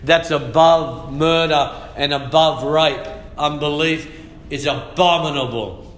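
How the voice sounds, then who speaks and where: A middle-aged pastor preaches with fire, his voice sitting a little high and slow in its pace. The tone is bright and forceful. The sound rings around an echoey church hall. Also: slight background noise. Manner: fiery, shouting and humming out rhythms. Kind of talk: sermon.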